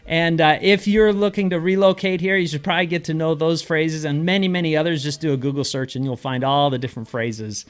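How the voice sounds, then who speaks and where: A man's voice: fairly high pitch, fairly even intonation, brisk, hardly any pauses. A middle-aged man with a Minnesotan accent, a real estate agent explaining local phrases in a casual, playful way and acting them out in a sing-song voice.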